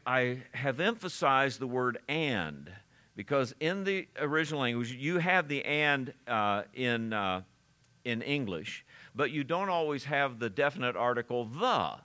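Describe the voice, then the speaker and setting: A man with a bright, forward voice delivers a verse-by-verse sermon as pastor. He speaks earnestly, often stopping on fillers and repeating words. He slows and lifts his voice to stress key phrases. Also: mid-range voice, sing-song. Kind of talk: expository sermon.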